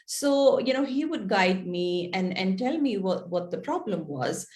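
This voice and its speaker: A woman's voice: mid-range voice, lively intonation, measured pace, darkish tone. A woman author being interviewed, explaining things in an earnest, thoughtful way. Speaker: author guest. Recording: echoey room.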